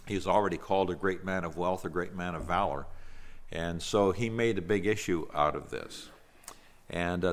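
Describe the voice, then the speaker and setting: A man preaching an expository Bible lesson, reading scripture aloud and breaking into emphatic, conversational asides. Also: sits low. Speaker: Bible teacher.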